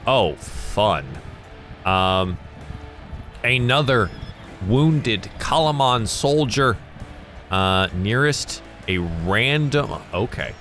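A man from the American South narrating a tabletop game as game master, animated and chuckling between dice rolls. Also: fairly low pitch, very slow, long pauses, soft background music.

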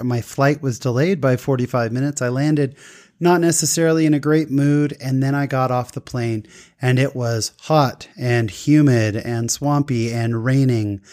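A man's voice: mid-range voice, a little mellow. A man hosting a talk show, chatting with guests and telling a personal story in an upbeat, earnest way. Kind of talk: casual chat and personal storytelling.

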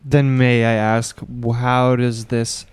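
A young man co-hosting a casual podcast, throwing in crude jokes and quick banter. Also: medium pitch, level tone, smooth. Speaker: podcast co-host. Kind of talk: casual chat.

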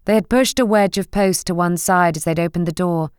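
A woman narrating a novel in a measured, gentle reading. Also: on the low side, clear, resonant tone, dry recording, clean studio sound. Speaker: audiobook narrator. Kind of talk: scripted narration.

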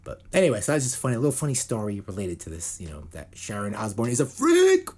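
Husky, animated male metal podcast host. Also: fairly low pitch, racing. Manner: rambling, profane, animated banter. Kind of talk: casual chat.

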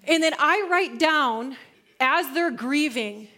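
A woman in her thirties giving a casual, slangy church talk, laughing often and swinging from hushed to loud. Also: high voice, animated, takes it slowly. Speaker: speaker at a church gathering.

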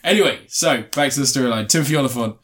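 A man's voice: medium pitch, racing, fairly bright tone. A man casually reviewing a TV series in a podcast chat, rambling with many ums and restarts.

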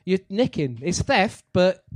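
A man's voice: high-pitched, big pitch swings, a little slow, no room sound. A man co-hosting a comedy podcast, joking and laughing along. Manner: jokey, laughing. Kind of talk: casual comedy podcast chat.

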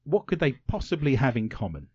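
A jovial man hosts a late-night radio quiz with a very animated, sing-song delivery. His banter is theatrical and full of puns. The sound is dry and a little dull, like a lo-fi web radio stream. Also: medium pitch, fairly quick, breathy edge, no echo. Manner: playful, punning, theatrical delivery. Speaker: radio show host. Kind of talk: jokey quiz show banter.

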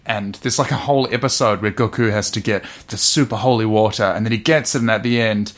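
Male podcast co-host, low-pitched, animated casual recap with quoted lines. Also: fast. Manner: animated, acts out quotes, laughs often. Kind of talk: casual chat recapping a comic.

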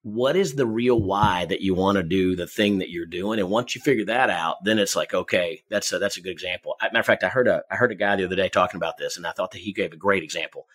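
A man with a husky, slightly low voice explains goal setting to salespeople. He talks in rapid, energetic bursts and often restarts or repeats words. The tone is conversational advice laced with stories. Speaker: sales coach guest.

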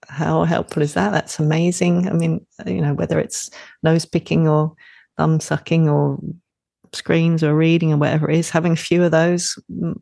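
A woman author in a podcast conversation, talking warmly and enthusiastically, often laughing and acting out inner voices. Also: fairly low pitch, creaky, husky, no echo, studio quality. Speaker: author and parenting instructor.

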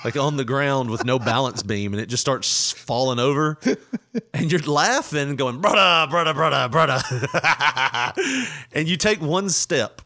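A man's voice: medium pitch, moderate pace, a bit bright. A middle-aged man hosting a casual chat, telling a long story with frequent laughter and quoted lines. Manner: laughing often, retelling with quoted voices.

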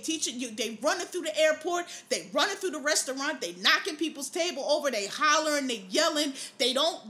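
A woman hosting a podcast, venting in a blunt, profane, casual rant. Her voice sits high and sounds bright and sharp. She talks with exasperated force. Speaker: podcast host. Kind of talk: casual ranting commentary.

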